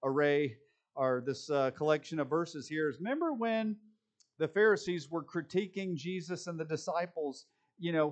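A man's voice: fairly high pitch, animated, normal speed. A male pastor preaching a sermon from the pulpit, reading scripture aloud and then shifting into loose, conversational asides. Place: church pulpit.

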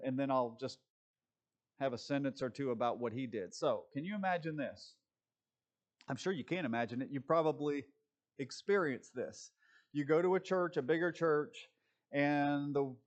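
A man, a pastor, giving casual commentary with impassioned, sarcastic asides. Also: fairly high pitch.

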